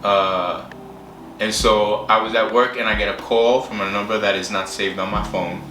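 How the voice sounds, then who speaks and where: A man candidly telling his personal story in an interview, halting and full of fillers. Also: lowish voice, steady tone. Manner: candid, halting, with many fillers and acted quotes. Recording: roomy distant mic with music behind.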